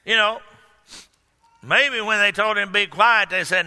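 A male pastor preaching a sermon to a congregation, calling out questions and breaking into sudden shouts. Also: sits high, measured pace, pauses often. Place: church hall. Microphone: microphone. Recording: echoey hall.

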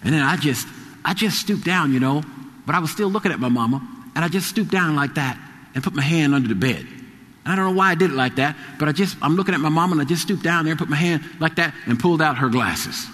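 A male preacher delivering a sermon, moving between quiet storytelling and loud, rising exhortation. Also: a little high, expressive, fast, big-room sound.

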